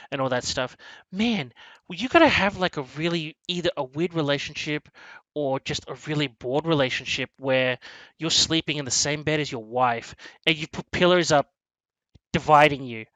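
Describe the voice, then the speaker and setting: Male host, casual film chat, higher-pitched, bright tone, animated delivery. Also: moderate pace, dry recording, low-quality recording. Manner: animated, swearing, acts out scenes. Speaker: movie review host.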